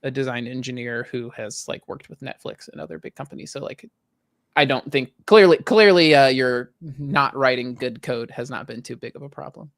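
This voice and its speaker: Animated, chatty man on a podcast. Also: medium pitch, moderate pace, dry recording, clean studio sound. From Southern US. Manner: animated storyteller, many "like" fillers. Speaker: podcast co-host. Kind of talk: casual chat.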